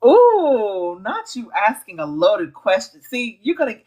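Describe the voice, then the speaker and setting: Woman, mid pitch, live-stream host, reads comments, bubbly, slangy, laughs easily. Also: sing-song, normal speed, breathy edge, low-quality recording. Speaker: astrology reader hosting a live stream. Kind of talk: casual live-stream chat, reading viewer comments.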